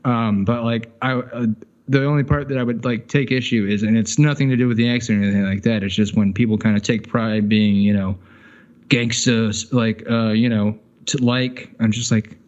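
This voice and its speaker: A man's voice: mid-range voice, fairly even intonation, normal speed, darkish tone, dull audio. A man co-hosting a podcast in casual chat, loose and sardonic, trailing off in filler words and swearing. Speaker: podcast co-host.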